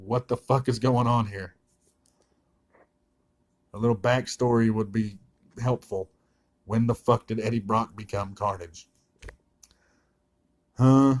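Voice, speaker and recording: A man's voice: fairly low pitch, steady tone, slow pace, long pauses. A man reviewing a comic in a casual, sarcastic and blunt way, swearing freely.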